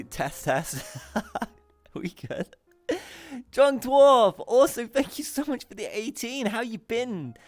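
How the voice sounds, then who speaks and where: A British man hosts a VR talk show livestream, greeting his chat fondly, giggling often and poking fun at himself. He's bubbly and affectionate, with a slightly high, fairly bright voice.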